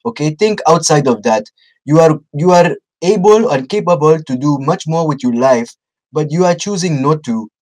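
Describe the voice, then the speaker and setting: A man's voice: fairly high pitch, a little mellow, rough recording. A man doing a pushy Nigerian caller. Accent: put-on Nigerian. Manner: pushy, lecturing, repeats himself. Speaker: scambaiter. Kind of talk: prank phone call.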